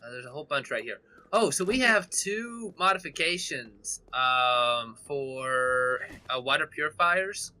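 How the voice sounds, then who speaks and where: Bright-voiced man explaining game mechanics. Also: medium pitch, expressive, a little slow, few pauses. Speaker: co-op gameplay host. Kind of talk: casual gaming chat. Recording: faint background noise.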